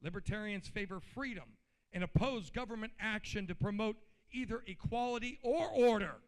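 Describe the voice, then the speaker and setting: A man with a high, light voice speaks at a convention podium, blunt and riled up. He talks in a loose, colloquial way and keeps jumping between plain explanation and heated outbursts. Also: moderate pace. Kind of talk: informal political speech. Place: convention hall.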